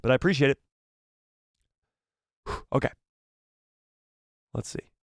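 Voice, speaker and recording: Hoarse, excitable man hosting a live stream. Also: mid-range voice, no echo, clean studio sound. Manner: excitable, frequent exclamations and quick laughs. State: losing his voice, throat-clearing. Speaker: livestream host. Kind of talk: live watch-party chat, reading viewer messages.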